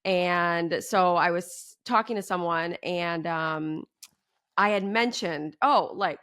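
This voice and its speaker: A woman's voice: fairly low pitch, takes it slowly, fairly bright tone. A young woman co-hosting a podcast, chatting candidly and filling her talk with "like". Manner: candid, full of "like" fillers. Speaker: podcast co-host. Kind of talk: casual chat.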